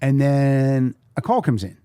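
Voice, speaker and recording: A man's voice: medium pitch, unhurried, smooth, dry recording, clean studio sound. A man hosting a podcast, telling anecdotes in a casual chat and acting out the voices of the people in them. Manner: animated storyteller acting out the voices in his anecdotes. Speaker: podcast host.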